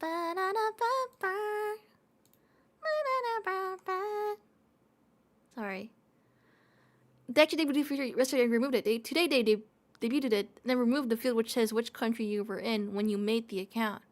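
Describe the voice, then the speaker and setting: A woman's voice: a little high, steady tone, quick pace. A young woman chatting casually on a livestream, giggly, rambling and playfully dramatic. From Australia. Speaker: streamer.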